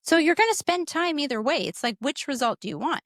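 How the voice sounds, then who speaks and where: A woman's voice: high voice, big pitch swings, brisk, a bit bright, no echo, clean studio sound. A woman co-hosting a parenting podcast in casual talk, direct and emphatic, jumping in to add points. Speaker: podcast co-host.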